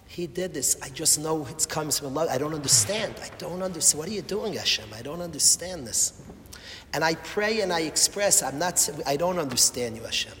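A man giving an emotional sermon, impassioned and repetitive, swinging from loud appeals to hushed words. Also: fairly high pitch, expressive, normal speed, slight background noise. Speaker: rabbi or Torah speaker. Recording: echoey hall, faint ambience.

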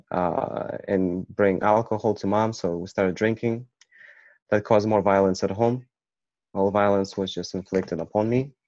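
Slow, low-voiced man telling his story. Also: darkish tone, no room sound. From Ukraine. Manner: halting, with many restarts. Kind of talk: personal storytelling. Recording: dull, muffled recording.

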